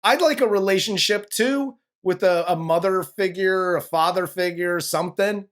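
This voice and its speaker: A man's voice: sits high, moderate pace, lightly acted. A man voicing a bitter adult brother who was sold as a child, mocking and sarcastic.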